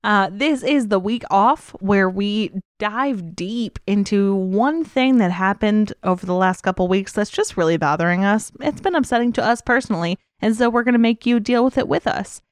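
A woman's voice: mid-range voice, moderate pace, few pauses, no room sound, studio quality. A woman co-hosting a casual comedy podcast, playful and teasing. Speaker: podcast co-host.

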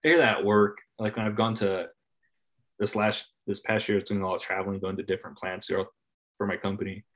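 A man in casual conversation, laid-back, swearing freely and trailing off softly at the ends of his phrases. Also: fairly low pitch, steady tone, fast talker. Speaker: podcast guest. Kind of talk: casual chat.

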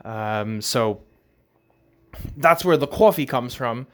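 A young man with a strong Long Island New York accent talks through a casual solo podcast. His delivery is loose and conversational, with lots of filler words and tag questions. His pitch sits in an ordinary middle range for a man. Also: slow. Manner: relaxed and chatty, with many "uh", "you know" and "right?". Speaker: podcast host.

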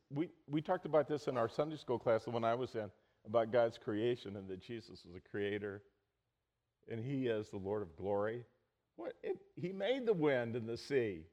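Middle-aged male pastor, lively storytelling preacher, plain mid-range voice. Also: mid-range voice. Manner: storytelling, animated, acts out quotes loudly. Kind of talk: sermon.

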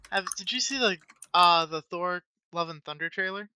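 Female co-host, bright and smooth, excitable casual chatter, dry recording. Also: lowish voice, unhurried. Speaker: podcast co-host. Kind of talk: casual chat.

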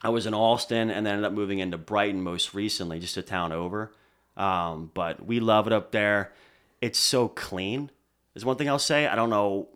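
Young man telling stories in a low voice. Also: normal speed, clean tone. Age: young adult. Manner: relaxed storyteller, many fillers like "like". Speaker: podcast guest, DJ. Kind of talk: casual interview chat. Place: podcast studio.

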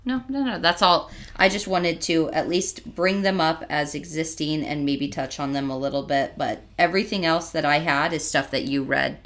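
A woman's voice: sits low, moderate pace, hardly any pauses, a bit bright. A woman co-hosting a podcast in casual chat, wry and thoughtful, often trailing off. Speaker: podcast co-host.

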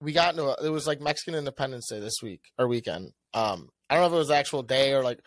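A young man co-hosting a podcast, telling a story in casual chat. He swears a lot and acts out what he said with a rising, animated voice. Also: medium pitch, rapid-fire, dry recording. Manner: animated, swears often, acts out his own lines with a rising voice. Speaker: podcast co-host.

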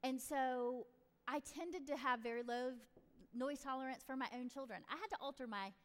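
A middle-aged woman hosts a parenting podcast, giving casual advice in a chatty, direct way and often acting out what parents and kids might say. Her voice sits high, her pace is moderate, and the audio has a long reverb tail.

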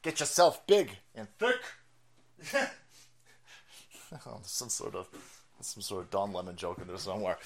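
Animated, crude-talking male streamer. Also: mid-range voice, unhurried, pauses often. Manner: crude, joking, laughs often between remarks. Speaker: stream host. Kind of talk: profane livestream commentary.

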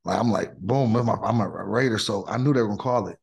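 Husky, gravelly-voiced man telling stories. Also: on the low side, fast. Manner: animated, excitable storytelling with slang. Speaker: podcast guest, former NFL offensive tackle. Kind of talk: casual storytelling.

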